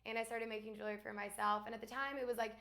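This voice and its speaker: A young woman from Alabama, a guest in a casual chat, talking fast with lots of fillers and laughs. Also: a little high, flat delivery, gravelly, fairly bright tone. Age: young adult.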